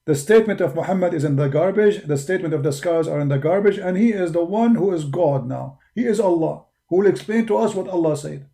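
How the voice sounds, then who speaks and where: This is an argumentative man with an Arabic accent, preaching in English as his second language. His voice sits fairly high but sounds dark and mellow. It has a gravelly, fry-laden texture. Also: quick pace, few pauses. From Arab world. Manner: forceful, argumentative, with non-native grammar. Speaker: religious debater. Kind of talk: preaching monologue.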